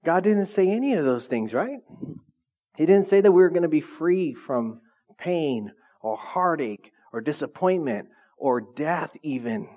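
A middle-aged male pastor preaching a lively, conversational sermon, often asking the congregation questions. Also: on the high side, unhurried. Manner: asks the congregation frequent questions. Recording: dull lo-fi sound.

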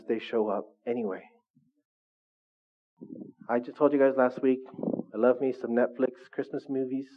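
A middle-aged male pastor preaching a sermon in a conversational way, often asking his listeners questions. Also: mid-range voice. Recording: phone-like narrow sound.

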